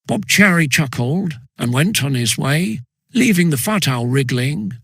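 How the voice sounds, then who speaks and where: A man reading a classic school story aloud in steady, measured narration. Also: fairly high pitch, vocal fry, slightly rough, no room sound, clean studio sound. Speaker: audiobook reader.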